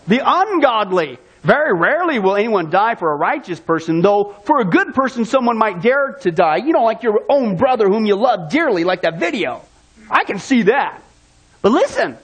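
High-voiced preacher asking rhetorical questions. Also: male voice, very animated, moderate pace, a bit bright, breathy edge. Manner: rhetorical questions, then answering them himself; storytelling, draws the listener into a scenario. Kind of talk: sermon.

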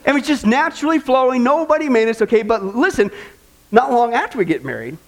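High-voiced earnest preacher, conversational. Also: male voice, expressive, quick pace. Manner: earnest and conversational, addresses the congregation directly with humor. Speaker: pastor. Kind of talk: sermon.

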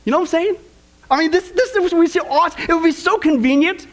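Give me a man putting on an overeager male salesman with a high, sing-song pitch. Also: animated, racing, a bit bright. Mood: mock enthusiastic. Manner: mocking, overly enthusiastic sales pitch. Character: glib male salesman pushing implant chips.

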